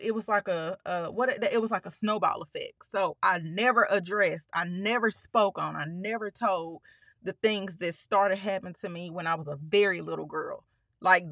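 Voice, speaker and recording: A woman speaks slowly and with emphasis, calling her listeners y'all as she tells her own story. Her voice is bright and tense and she is holding back tears. The recording is close and dry. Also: medium pitch, no echo. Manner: emphatic, addresses listeners as y'all, frequent swearing. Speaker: podcast host. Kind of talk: personal storytelling monologue.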